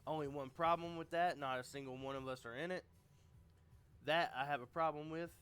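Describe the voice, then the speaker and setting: A man's voice: on the high side, steady tone, fairly quick, fairly bright tone, clean tone, natural voice. Man doing a grumbling, confrontational wrestler.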